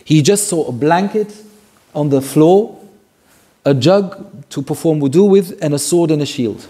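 A man with a fairly high but warm, mellow voice and a husky edge teaches a Quran commentary lesson. He retells old stories earnestly, repeats key phrases for weight and drops Arabic phrases into his teaching. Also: a little slow.

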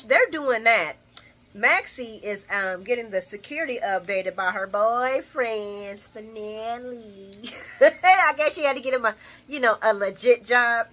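A woman with a bright, forceful voice that sits a little high, chatting through a soap opera recap. She is sassy and opinionated and laughs often. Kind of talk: casual chat recap.

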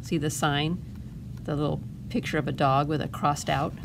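Lady librarian reading a kids' picture book, lowish voice, soft hiss behind, gentle little asides. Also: steady tone, moderate pace, vocal fry. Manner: gentle, explaining asides to children. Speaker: children's librarian. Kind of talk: storytime read-aloud.

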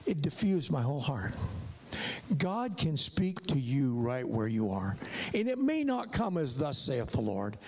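An older man preaching a sermon testimony in an animated storytelling way, with his voice swinging high and low. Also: measured pace, slight background noise.

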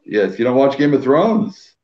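A man from Quebec hosting a live stream, bantering and teasing in a joking way. His voice sits at a middling pitch. The audio is dull and lo-fi. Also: very animated, normal speed. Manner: teasing, jokey, reads out viewer names. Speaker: host of a live whisky stream.

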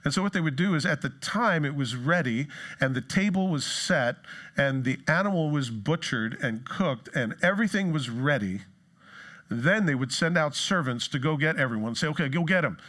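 Joking, conversational pastor, fairly high voice. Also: male voice, animated, normal speed, a bit bright. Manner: conversational and joking, acts out quoted excuses in higher voices. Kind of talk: sermon. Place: church.

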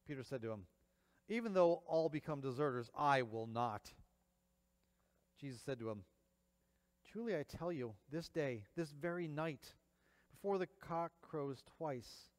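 A man's voice: medium pitch, lively intonation, unhurried. A man reading scripture aloud and preaching, acting out the quoted lines dramatically. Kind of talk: Bible reading and sermon. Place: church. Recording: long church reverb.

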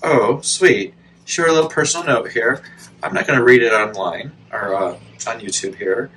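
A man's voice: medium pitch, normal speed, recorded from a distance, slight background noise, rough recording. A man filming a casual plant unboxing vlog at home, gushing and talking straight to the camera. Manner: excitable, gushing, talks to the camera. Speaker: plant vlogger.

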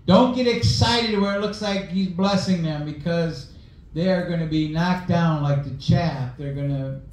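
A man's voice: a little high, unhurried, very echoey, poor audio. A male pastor preaching a sermon, mixing scripture reading with folksy personal stories.

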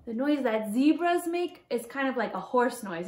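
A children's librarian, a woman, reading a picture book aloud to children in an animated, playful way and inviting them to join in. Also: sits high, moderate pace, few pauses. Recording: roomy echo.

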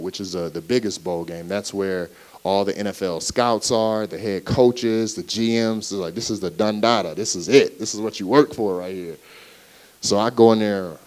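A young man giving his personal faith testimony as a guest speaker at a live church service, telling his story in an animated way and acting out the dialogue. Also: on the low side.

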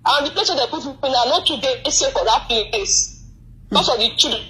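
A woman's voice: high-pitched, expressive, brisk, sharp tone, low-quality recording. A young woman from Nigeria with a Nigerian Pidgin accent, calling in and pleading in distress. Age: young adult. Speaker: caller. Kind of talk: phone call appeal.

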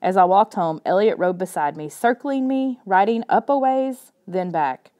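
A woman narrating a children's chapter book aloud in a soft, measured storytelling manner. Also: medium pitch, animated. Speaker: audiobook narrator. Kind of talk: scripted narration.

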